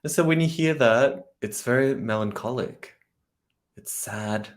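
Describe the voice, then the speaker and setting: A man working as a vocal coach, analyzing a singer's technique in a reaction commentary and getting excited as he demonstrates phrases. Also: medium pitch, measured pace.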